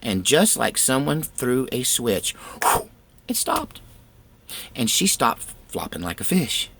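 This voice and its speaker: Man, middle pitch, fervent tale-telling, some fry, dry close sound. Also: wildly swooping pitch, slow pace, fairly bright tone, slight background noise. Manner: tense, fervent recounting. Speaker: storyteller. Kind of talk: personal storytelling.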